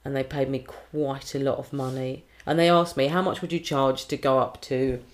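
A woman with a low, deep-set voice tells stories in relaxed interview chat. She is chatty and animated, slipping into quoted voices as she goes. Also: normal speed. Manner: chatty, animated storytelling with lively put-on quotes. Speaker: singer and compère.

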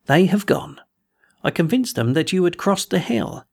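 A man voicing a courteous, quietly threatening old gentleman villain in a storybook reading. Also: high-pitched, expressive, moderate pace, vocal fry, breathy edge, full character voice. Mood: silkily menacing.

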